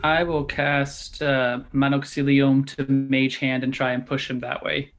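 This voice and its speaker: A man's voice: medium pitch, level tone, measured pace. A man playing a tabletop game, speaking casually and a little hesitantly. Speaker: player.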